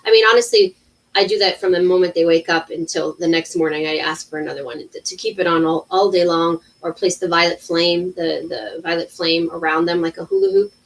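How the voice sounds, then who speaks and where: A woman in her thirties, an intuitive healer talking casually on a livestream, animated, with many restarts. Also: lowish voice, a little fast, gravelly, recorded from a distance, poor audio. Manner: animated storytelling with acted-out quotes and many restarts.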